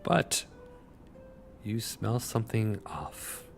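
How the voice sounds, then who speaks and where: A man narrating as game master for a tabletop game, in a relaxed manner full of fillers. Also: lowish voice, very slow, creaky, over music.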